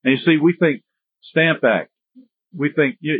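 Husky man lecturing over a tinny line. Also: fairly high pitch, a little slow, long pauses, dry recording. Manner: conversational, digressive, joking asides. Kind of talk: history lecture. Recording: tinny phone-like dry sound.

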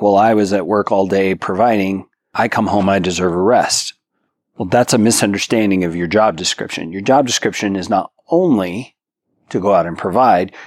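A man's voice: fairly low pitch, breathy edge, dry recording, clean studio sound. A man co-hosting a podcast, giving earnest, instructive marriage advice and speaking directly to the men listening. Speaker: podcast co-host.

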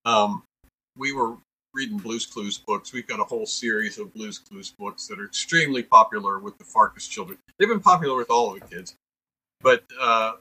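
Older male comedian, husky voice, lively jokey chat. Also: mid-range voice, normal speed, rough recording. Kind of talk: casual chat.

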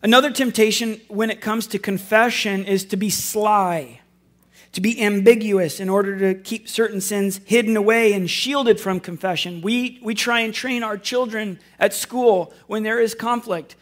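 A man's voice: high-pitched, steady tone, normal speed. Earnest man preaching a sermon. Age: adult with school-age children. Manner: earnest, conversational, with wry self-deprecating asides. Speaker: pastor.

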